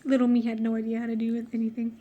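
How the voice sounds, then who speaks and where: A woman with a fairly high voice, heard through narrow, tinny audio, reads aloud a story she wrote as a child. It's a casual reading with joking commentary, as she giggles, mocks herself, and keeps breaking off to laugh.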